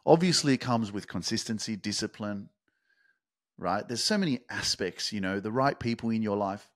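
A man's voice: mid-range voice, no echo. A young man hosting a motivational podcast, emphatic and swearing freely as he pushes his listeners. His voice sits in the middle of the male range. It is recorded close on a podcast mic with a dry, roomless sound. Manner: emphatic, swears freely, rises to loud fast peaks. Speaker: podcast host.

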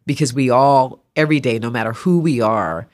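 Fairly quick and extremely low in pitch, this woman is an artist guesting on a podcast. She tells stories animatedly in the interview and acts out the voices of anyone she quotes.

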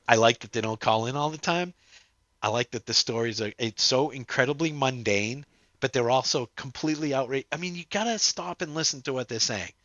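A man hosting a podcast in casual chat, animated and laughing, tripping over his words. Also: mid-range voice, fairly quick, no room sound, lo-fi sound. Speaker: podcast host.

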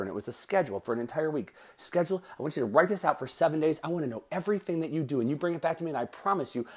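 A man hosting a podcast as a success coach, giving an emphatic, preachy motivational talk and acting out other people's excuses. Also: high-pitched.

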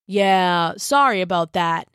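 A woman's voice: lowish voice, lively intonation, slow pace, fairly bright tone, smooth, no echo, studio quality. A woman voicing a laid-back young male hermit crab who talks in easygoing surfer slang, in a storybook reading. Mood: apologetic.

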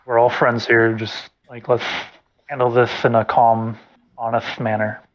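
A man playing a tabletop game who speaks calmly and tries to settle things down. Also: medium pitch, a little slow, highs cut off. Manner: calm, conciliatory. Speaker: player. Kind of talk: casual tabletop play.

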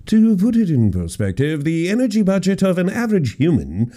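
A man's voice: sits high, huge pitch swings, a little fast, mellow, pitched above the performer's own voice. A man putting on a prim British quote-reader. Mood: mock formal. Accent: British, put on. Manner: formal, quoting.

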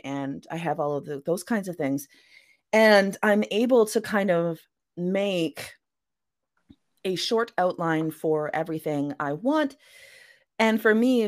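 A woman author being interviewed on a podcast, talking casually and acting out little quoted voices as she explains her point. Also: on the low side. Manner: chatty, acts out quoted voices. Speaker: author guest.

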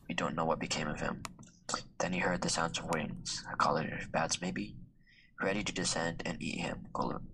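A man reading a story aloud in a hushed, half-whispered way. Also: a bass voice, vocal fry, poor audio. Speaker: student reader.

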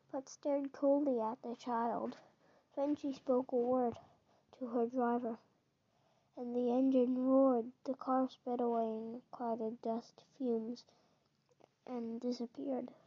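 A woman reads a children's book aloud in a gentle storytelling manner, now and then stumbling over a word and restarting it. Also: on the high side, level tone, slow pace, husky. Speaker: narrator. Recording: dull lo-fi recording.

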